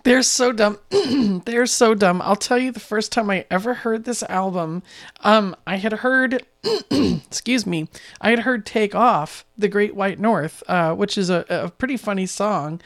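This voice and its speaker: Lady radio host, chill casual chat, talks pretty slow. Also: mid-range voice.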